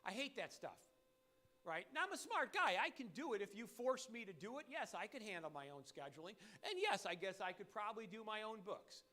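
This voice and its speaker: A man giving a motivational sales training talk, animated and emphatic, repeating his key points. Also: high-pitched, a little fast.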